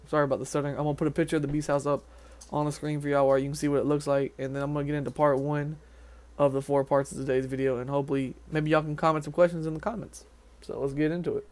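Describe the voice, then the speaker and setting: A young man from Nashville, Tennessee, chats casually to the camera outdoors in a rambling vlog, talking quickly with fillers and restarts. He's a vlogger and haunted house actor, and his voice is a little high and a little mellow, with a flat delivery.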